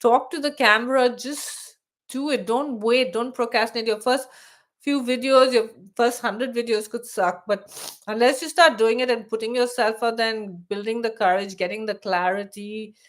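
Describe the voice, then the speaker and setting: A woman's voice: fairly high pitch, fairly even intonation, normal speed. A middle-aged woman hosting her own channel in a casual live stream, chatty with many restarts, her voice wearing thin. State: losing her voice. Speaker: YouTube channel host. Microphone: live stream setup.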